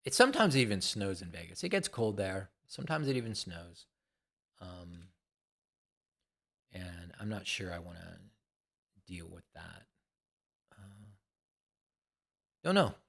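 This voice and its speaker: Older man, low gravelly voice, very slow pace, hesitant, rambling vlog chat. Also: lively intonation, a bit bright. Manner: hesitant, musing, repeats himself. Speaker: gaming vlogger. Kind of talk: casual rambling monologue.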